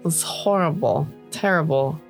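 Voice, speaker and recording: Woman player speaking in character, halting. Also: deep voice, faint music behind. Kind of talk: in-character tabletop role-play.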